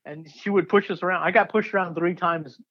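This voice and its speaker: A man in his fifties, a diver telling a story in an interview, excitable and rambling with many fillers and restarts. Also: sits high, fairly quick, lo-fi sound.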